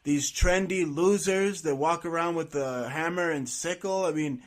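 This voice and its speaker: A man with a slightly higher voice hosts an interview. He talks emphatically, with frequent fillers and restarts. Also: measured pace. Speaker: host. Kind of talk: conversational interview.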